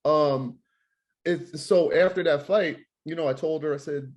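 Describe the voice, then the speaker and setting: A man with a somewhat high voice for a man, speaking as a boxing trainer and manager in a casual interview. He talks emphatically, stumbling over repeated words as he builds his point. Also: a little slow, darkish tone.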